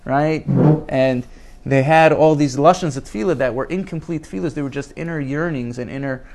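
A man's voice: fairly high pitch, a little fast, darkish tone. A man teaching a Torah class in an earnest way, repeating words for emphasis and reading Hebrew quotes aloud before translating them.

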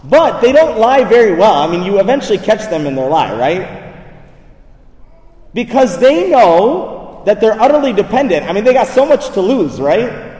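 Male preacher, lively up-and-down delivery, conversational, reverberant hall, distant mic. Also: sits high, moderate pace. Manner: animated, conversational, asks listeners "right?". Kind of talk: sermon. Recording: echoey hall, speaker far from mic.

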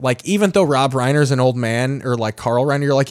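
A man's voice: medium pitch, a little fast, no echo, studio quality. A man co-hosting a podcast, chatting casually, riffing opinions with plenty of swearing. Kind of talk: casual chat.

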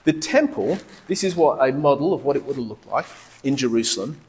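Preacher in a reverberant hall. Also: male voice, medium pitch, brisk. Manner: lively conversational preaching with rhetorical questions. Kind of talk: sermon. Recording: long reverb of a large hall.

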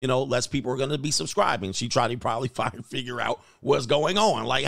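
A man's voice: medium pitch, fairly quick, creaky, hardly any pauses, fairly bright tone, no echo. Brief: male commentary host, crude and blunt, dry close mic. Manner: blunt and crude, riffs off clips. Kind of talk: casual reaction commentary.

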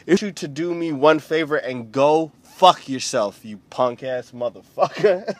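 Man, 20s, from the US, comedic rant, profane, rambling, slightly high voice, dry close recording. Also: normal speed, no room sound. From United States.

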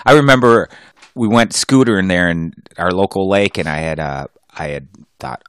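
A man co-hosting a podcast, chatting casually in an animated way, quick to joke and swear. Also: low voice, clean tone, no room sound, clean studio sound. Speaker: podcast co-host.

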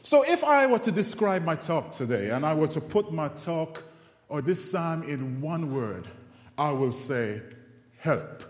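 A man preaching a sermon, telling funny personal stories in an animated, self-mocking way before reciting scripture. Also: a little high, a little slow. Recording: echoey hall with long reverb.

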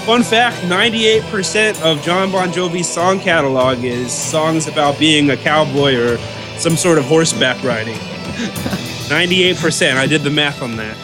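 Deadpan joking man over movie music. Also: fairly high pitch, normal speed. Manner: deadpan joking, mock fun facts. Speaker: co-host of a movie watch-along. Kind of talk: casual chat over a movie. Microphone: remote online connection. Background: film soundtrack music.

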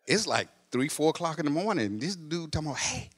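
A male preacher telling a story in a sermon, dropping to a hush, then rising to loud, animated exclamations. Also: on the high side, fast. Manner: animated, swinging from hushed narration to loud exclamations.

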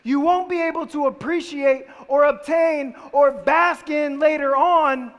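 A man's voice: extremely high pitch, a little slow, muffled recording. A man preaching a sermon in a conversational style, firing off rhetorical questions at his listeners. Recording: long reverb of a large hall.

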